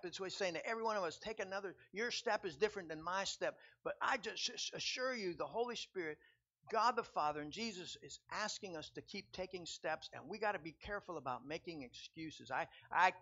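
Male pastor, sermon, high voice, emphatic repetition, dull lo-fi sound. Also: lively intonation, moderate pace. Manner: builds from quiet to loud, emphatic repetition.

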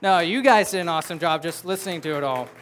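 A man's voice: on the high side, fast, a bit bright, slight background noise. A man preaching a sermon as pastor, talking conversationally with playful asides to the congregation. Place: church sanctuary with a congregation.

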